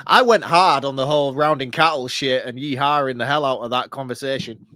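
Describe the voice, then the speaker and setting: A man's voice: medium pitch, a little fast, hardly any pauses, fairly bright tone. A man co-hosting a podcast, teasing and self-deprecating, laughing often in casual banter. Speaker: podcast co-host.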